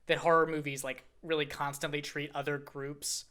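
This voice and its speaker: A podcast co-host in loose, casual conversation, with a bright, edgy tone. The talk rambles, with repeated words and plenty of "like". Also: mid-range voice, little pitch movement, normal speed, clean tone. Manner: rambling, restarts words, lots of "like". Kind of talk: casual chat.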